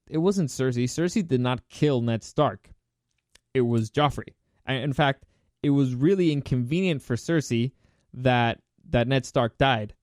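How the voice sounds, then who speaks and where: A man's voice: mid-range voice, a little mellow, clear, resonant tone, no room sound. Rambling man retelling a story, dry sound. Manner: rambling, self-correcting, acts out characters in quick voices. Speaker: podcast host. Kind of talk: casual storytelling monologue.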